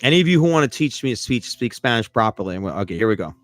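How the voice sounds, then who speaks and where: A man's voice: medium pitch, rapid-fire, no room sound. Guy hosting a live podcast, voice jumps all over, joking at himself, dry sound w/ faint music under it. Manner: animated, self-mocking, keeps asking listeners for feedback. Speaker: podcast host.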